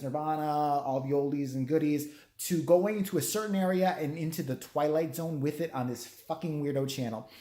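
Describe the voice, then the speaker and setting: A man's voice: a little high, darkish tone. Male vlogger, crude sarcastic rambling storyteller, roomy echoey sound. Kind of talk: profane ranting storytelling. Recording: roomy echo.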